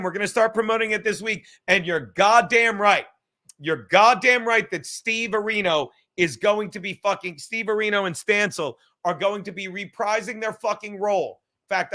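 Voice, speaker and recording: New man, high bright voice, profane rambling livestream host. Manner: rambling, excitable, swears a lot, laughs often. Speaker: podcast host. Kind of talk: casual profane livestream chat.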